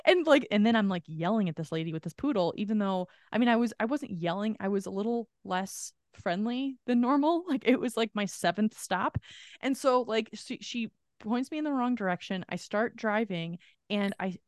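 Animated woman telling a story. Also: mid-range voice, moderate pace, no room sound, clean studio sound. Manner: animated, swears freely, acts out quoted people. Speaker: podcast co-host. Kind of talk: casual chat, storytelling.

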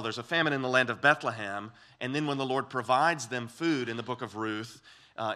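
A man preaching a sermon as pastor, reading scripture and then teaching, with expressive, lively voiced quotes. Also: mid-range voice.

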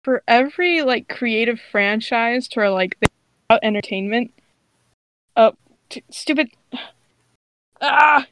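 A woman co-hosting a casual podcast from a closet at home, excitable and going off on tangents. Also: a little high, measured pace, long pauses, background noise. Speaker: podcast co-host. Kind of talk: casual chat.

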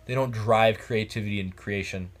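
A man's voice: lowish voice, steady tone, normal speed. A man hosting a podcast in casual late-night chat, rambling and reflective, restarting his sentences, a few drinks in. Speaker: podcast host. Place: cabin in the woods.

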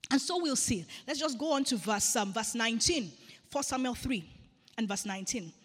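Woman preacher, husky voice, long hall reverb, earnest and repetitive. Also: fairly high pitch, lively intonation, normal speed. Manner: earnest, repeats phrases for emphasis. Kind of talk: sermon. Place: church.

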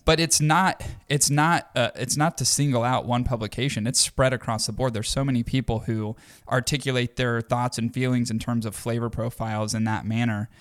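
Brief: male podcast co-host, mid pitch, rambling and earnest. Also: fairly even intonation, moderate pace, hardly any pauses. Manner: rambling, many fillers and restarts, earnest. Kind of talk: casual chat.

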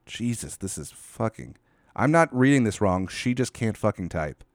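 A man's voice: fairly low pitch, expressive, a little slow, dry recording, clean studio sound. A man giving a solo commentary rant, profane, sardonic and incredulous.

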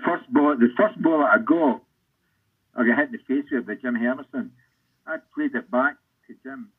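An older Scottish man, a former footballer, telling rambling anecdotes in an interview with a husky voice. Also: mid-range voice, moderate pace. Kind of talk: storytelling interview. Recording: tinny phone-like line.

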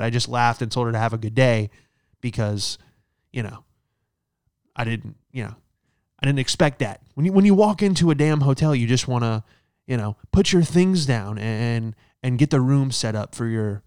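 A man's voice: medium pitch, moderate pace, darkish tone, clean tone, no echo, clean studio sound. A man ranting in a brash stand-up style, profane and punchy, often checking in with "all right?" and recorded in a hotel room. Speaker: comedian.

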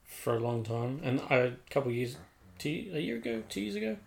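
A man with a middle-pitched voice chats about films and cameras. He is laid-back and loose, filling his talk with "like" and self-corrections. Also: sing-song, brisk, gravelly. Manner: laid-back, lots of "like" and restarts. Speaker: indie filmmaker. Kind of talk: casual chat.

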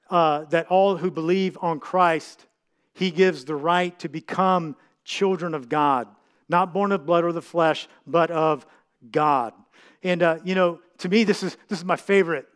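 A man's voice: on the high side, unhurried, smooth. A middle-aged man, a pastor, preaching a heartfelt sermon that often halts and restarts with fillers.

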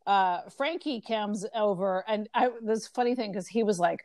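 A woman's voice: medium pitch, no room sound. Chatty woman retelling a story. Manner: chatty retelling, acting out lines in quick voices. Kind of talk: casual book discussion.

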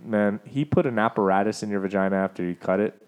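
A man's voice: fairly low pitch, fast talker, clear, resonant tone. A man co-hosting a casual podcast chat, telling a story with lots of laughter, swearing and acted-out voices. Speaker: podcast co-host.

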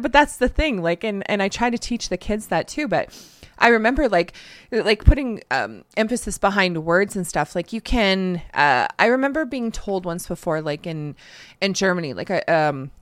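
A woman's voice: medium pitch, sing-song, moderate pace, no room sound. A woman co-hosting a podcast, chatting casually and laughing often as she rambles through stories. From Canada. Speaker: podcast co-host. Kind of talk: casual chat.

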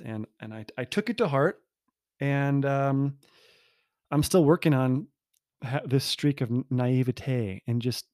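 A man's voice: medium pitch, a little slow, a little mellow, no echo, studio quality. A man telling a personal story in a casual monologue, rambling and self-interrupting, candid and poking fun at himself.

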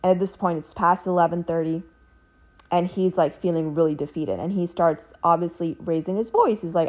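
A young adult woman explaining a case study in a relaxed, conversational way, with frequent fillers. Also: on the low side, moderate pace. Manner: conversational, many fillers like "like" and "you know". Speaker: relationship coach. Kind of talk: casual explanatory monologue.

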